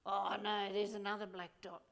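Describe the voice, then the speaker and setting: A woman's voice: mid-range voice, level tone, moderate pace, gravelly, pitched below the performer's own voice, close to an everyday voice. A woman voicing a gloomy complaining person who frets over every flaw, in a whiny, moaning manner. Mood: fretful.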